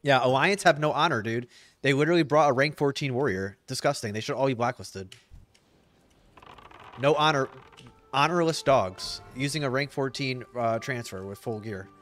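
A man streaming a game live, reacting excitedly with laughter and constant swearing while talking to his chat. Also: mid-range voice, moderate pace, soft background music. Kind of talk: live gameplay commentary.

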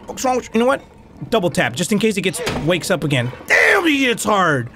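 A man giving excitable, profane let's-play commentary on a game, slipping into Spanish slang now and then. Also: high-pitched, a little fast. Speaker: gaming YouTuber. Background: game music.

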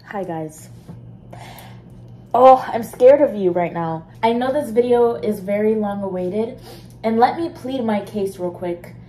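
A woman's voice: fairly high pitch, moderate pace, mellow, low-quality recording. A twenty-year-old woman chatting casually to her viewers in a vlog, rambling with lots of fillers. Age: 20s. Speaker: vlogger.

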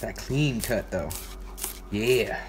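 A man's voice: fairly low pitch, drawn-out words, a little hiss or hum. A man hosting a casual livestream, joking and mocking himself with lots of swearing while he cooks. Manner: profane, joking, self-mocking.

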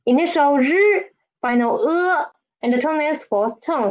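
A woman's voice: high voice, lively intonation, unhurried, lo-fi sound. A woman teaching a beginner Chinese lesson, drilling pinyin sounds with patient repetition and inviting the listener to read after her.

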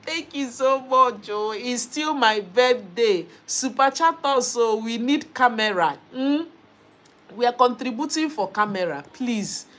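Lively young Nigerian woman streaming live. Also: mid-range voice. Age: young adult. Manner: lively, mixes English with Igbo and Pidgin. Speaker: YouTuber hosting a birthday live stream. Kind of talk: casual live stream chat, reading viewer comments.

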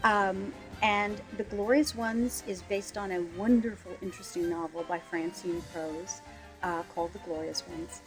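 A woman lyricist describing her musical in a relaxed interview, chatty and quick to laugh, with a few ums as she searches for words. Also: medium pitch, over music, poor audio. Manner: chatty, laughs easily, fills pauses with um. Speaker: lyricist and book writer. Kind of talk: casual interview explanation.

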